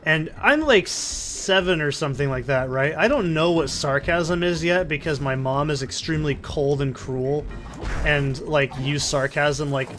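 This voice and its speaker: With faint music behind him, a man commentating a video game as a let's play host tells a long, swearing-heavy story, wandering off on digressions and interrupting himself. His pitch is fairly high, his delivery unhurried, and his tone a bit bright. The audio comes from a desk condenser mic in a soundproofed corner.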